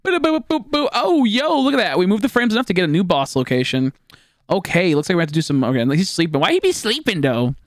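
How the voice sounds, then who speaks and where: A man's voice: sits high, expressive, fast, no echo, studio quality. Rambling young Texan man streaming games. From Texas. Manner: rambling, swearing, jokey, chatting with viewers while playing. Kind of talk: casual live-stream gaming chat.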